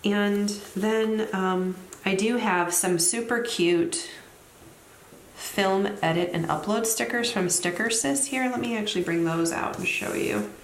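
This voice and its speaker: A woman's voice: medium pitch, measured pace, echoey room, slight background noise. A woman who teaches, chatting casually as she plans her week, thinking aloud and making light asides about herself. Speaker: planner vlogger. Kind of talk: casual plan-with-me narration while decorating.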